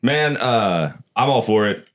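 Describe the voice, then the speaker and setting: Blunt, low-voiced male guest singer. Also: animated, takes it slowly. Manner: blunt, profane storytelling. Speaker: band lead singer, podcast guest. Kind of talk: casual chat.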